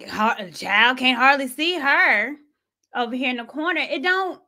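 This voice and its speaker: A woman hosting her own commentary show, sassy and animated, with quick asides. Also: high voice, creaky. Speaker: host. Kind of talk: commentary vlog.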